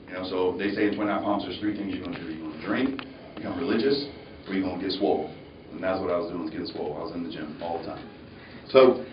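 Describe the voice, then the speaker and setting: A man giving a motivational speech, telling his story in an animated way and acting out the voices. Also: on the low side, slight background noise. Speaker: motivational speaker. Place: university lecture hall. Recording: echoey, distant, dull hall recording.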